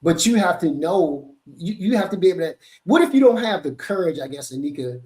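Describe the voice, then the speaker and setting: Podcast host man, slightly high voice. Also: expressive, fairly quick, a little mellow, roomy sound. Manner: reads viewer comments aloud and answers them. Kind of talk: casual chat.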